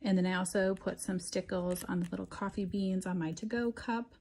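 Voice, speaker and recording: A woman's voice: mid-range voice, fairly even intonation, brisk, a little mellow. A woman walking through a craft project step by step in a casual tutorial, with frequent ums as she explains. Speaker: craft instructor. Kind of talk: relaxed craft tutorial walkthrough.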